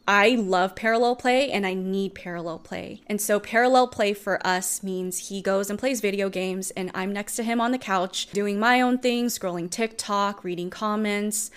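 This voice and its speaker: A woman's voice: medium pitch, clean tone. A young woman coach talking earnestly and expressively in a personal vlog, explaining at length. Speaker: self-empowerment coach.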